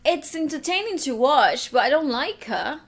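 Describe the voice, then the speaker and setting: Woman, co-host, casual chat, blunt, sassy, gravelly vocal fry. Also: high-pitched, big pitch swings, moderate pace.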